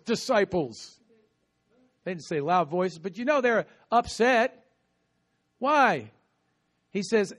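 A man preaching a sermon in an animated, talkative way, calling on the congregation to respond. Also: sits high, unhurried, pauses often. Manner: animated, talkative, with bursts of laughter and call-and-response. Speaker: pastor. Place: outdoor gathering with insects audible. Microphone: no microphone at times.

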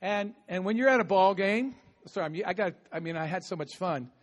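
Male preacher with a high voice, lively and chatty, coaxing the crowd to answer back. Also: fairly quick. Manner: animated, talkative, with bursts of laughter and call-and-response. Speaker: pastor. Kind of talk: sermon. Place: outdoor gathering with insects audible. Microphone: no microphone at times.

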